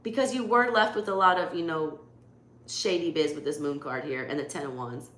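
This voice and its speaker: Woman, Southern US accent, tarot reader, low voice, echoey room with faint noise. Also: brisk, a bit bright. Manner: blunt, swears freely, lots of "like" fillers. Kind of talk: live tarot reading, casual chat.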